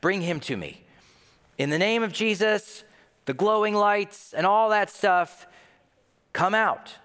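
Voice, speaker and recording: A man's voice: high-pitched, takes it slowly, fairly bright tone, clear, resonant tone, voice pushed up. A preacher acting out a cocky, eager male disciple who is sure of himself and speaks in a bold, emphatic way. A long echo hangs on the words in a large hall. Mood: boastful.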